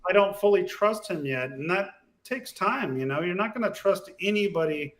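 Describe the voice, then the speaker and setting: A man with a slightly raised pitch, talking casually as a podcast guest. He tells his stories in a laid-back way and grows animated as he relives the race. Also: normal speed, a crowd in the background. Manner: laid-back storyteller, animated when retelling races. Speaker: guest, off-road racer.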